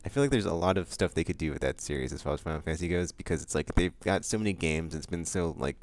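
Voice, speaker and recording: A man hosting his monthly vlog, chatting loosely with lots of fillers, restarts and bursts of excitement. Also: deep voice, fast. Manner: excitable outbursts about upcoming games. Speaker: vlog host. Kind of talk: casual rambling monthly vlog chat.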